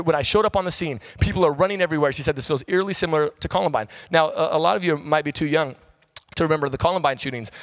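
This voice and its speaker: A man in his thirties preaches in a relaxed, conversational way, slipping into slang as he tells stories from the pulpit. His voice sits a little high for a man, and his delivery stays animated and casual. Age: 30s. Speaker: pastor. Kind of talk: sermon.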